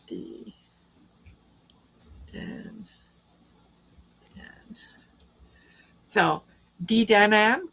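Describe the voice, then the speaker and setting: A woman's voice: a little high, a bit bright, poor audio. A woman hosting a live tarot reading stream, chatting casually and calling out viewers by name. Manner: friendly, calls out viewer names.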